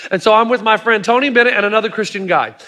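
A man's voice: high voice, fast talker, sharp tone, in a large hall. A middle-aged man preaching a sermon, telling stories with emphatic asides to the congregation. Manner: storytelling, emphatic with audience asides.

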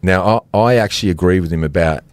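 A middle-aged Australian man co-hosting a sports podcast, telling stories with lots of laughs and animated swings into quoted voices. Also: quick pace, no echo. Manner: animated storyteller, laughs often, jumps pitch for quoted voices. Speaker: podcast co-host. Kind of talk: casual sports chat.

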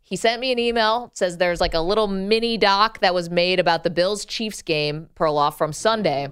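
A woman's voice: lowish voice, fairly bright tone, smooth. A woman from upstate New York with a faint upstate accent, co-hosting a sports radio show in casual banter and laughing often. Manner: laughs often, reads promos quickly.

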